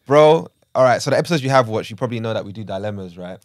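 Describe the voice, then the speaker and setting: A man's voice: lowish voice, lively intonation, very fast, no room sound, clean studio sound. A man hosting a podcast, laid-back and slangy, calling his guest "bro". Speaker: podcast host. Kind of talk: casual chat. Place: podcast studio.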